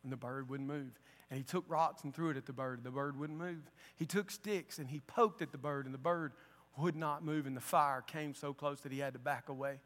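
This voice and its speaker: A man's voice: medium pitch, steady tone, normal speed, few pauses. Impassioned preacher man in a reverberant hall. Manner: impassioned, swings between loud declarations and hushed lines. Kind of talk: sermon. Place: church sanctuary. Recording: long church-hall reverb.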